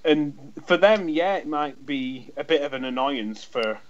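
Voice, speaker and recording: With a fairly high, expressive voice at a measured pace, an English man co-hosts a podcast, spinning a rambling anecdote in casual chat. He swears freely and performs both sides of a conversation, and the sound is lo-fi.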